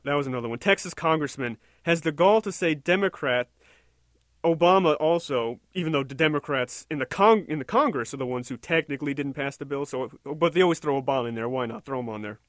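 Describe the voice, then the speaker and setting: A man's voice: on the high side, dry recording, studio quality. A man delivering an indignant, sarcastic opinion rant, rambling and restarting his sentences as he goes. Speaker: political commentator.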